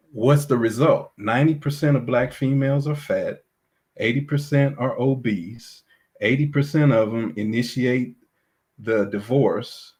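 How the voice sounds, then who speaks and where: A man's voice: mid-range voice, a little mellow, breathy edge. A man on a livestream panel, making emphatic, slogan-like declarations. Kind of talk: heated livestream talk.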